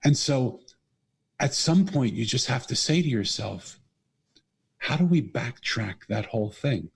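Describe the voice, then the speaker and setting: A middle-aged man, a podcast guest and author, telling a personal story in an earnest, animated way. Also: medium pitch, a little slow, gravelly, slightly rough. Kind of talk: conversational storytelling.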